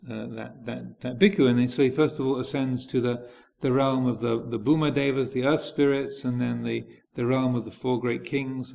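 A man's voice: medium pitch, vocal fry, a little mellow. A man teaching as a Buddhist monk, giving a dharma talk with a hesitant delivery full of fillers and restarts.

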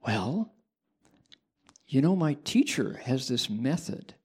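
A man voicing a calm, kindly male Buddhist monk who gives gentle, reassuring advice. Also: mid-range voice, takes it slowly, husky, heavily acted.

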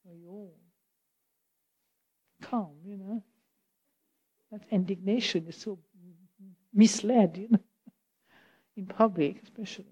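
A woman's voice: mid-range voice, slow, long pauses, dark tone, slightly rough, lo-fi sound. Chatty French-accented woman teacher. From France. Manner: chatty, laughs often, checks in with listeners. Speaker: Buddhist teacher answering questions. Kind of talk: informal dharma Q&A talk.

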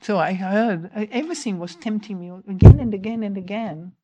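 Animated woman giving a meditation talk. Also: mid-range voice, a little fast. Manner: lively storytelling, laughing often, mimicking her own inner voice. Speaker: meditation teacher. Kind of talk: informal dharma talk.

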